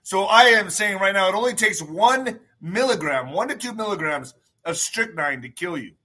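A man's voice: sits high, expressive, normal speed, sharp tone, slightly rough. A man hosting his own livestream in casual talk, emphatic, repeating phrases and swearing freely. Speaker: show host.

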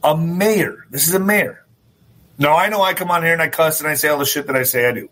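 A man with a fairly high voice, bright and forceful with a husky grain, hosts his own show and delivers an opinionated monologue. He rants freely, swears often and suddenly breaks into shouts, talking a little fast. The audio quality is poor.

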